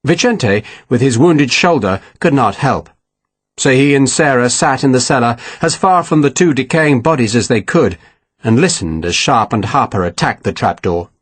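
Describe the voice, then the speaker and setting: Husky man narrating an audiobook. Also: medium pitch, normal speed, no room sound. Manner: steady, expressive storytelling. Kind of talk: scripted narration.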